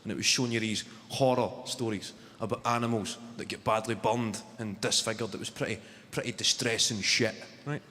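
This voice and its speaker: A man's voice: lowish voice, steady tone, brisk, slight background noise. Scottish male comic in his twenties, dry storytelling, live in a big echoing theatre. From Scotland. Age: 20s. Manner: wry storytelling with dry asides. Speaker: stand-up comedian. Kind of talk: stand-up comedy. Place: theatre stage. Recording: large hall with loud crowd ambience. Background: audience laughter.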